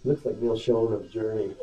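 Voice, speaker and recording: A man's voice: lowish voice, dark tone. A man co-hosting an online radio show in casual chat, rambling and hesitant, laughing easily. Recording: distant lo-fi webcast audio.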